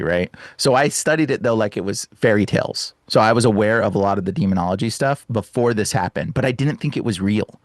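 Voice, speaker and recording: A man, a guest exorcist, telling an excited story in casual, slangy talk during an interview. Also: mid-range voice, no room sound, clean studio sound. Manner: animated and casual, full of slang asides.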